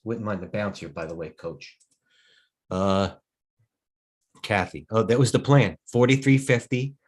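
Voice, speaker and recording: Tired, rambling low-voiced man trading live. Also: unhurried, husky. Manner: rambling, thinks aloud, self-interrupting. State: a little tired, yawning. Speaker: stock trading host. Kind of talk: live trading stream commentary.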